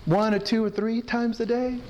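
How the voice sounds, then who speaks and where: Man, chaplain leading a workshop; high, unhurried delivery; echoey hotel hall. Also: level tone, a little mellow, slight background noise. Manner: coaching an audience through breathing, demonstrates laughter. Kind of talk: interactive workshop talk. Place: hotel event room. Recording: long hall reverb, faint ambience.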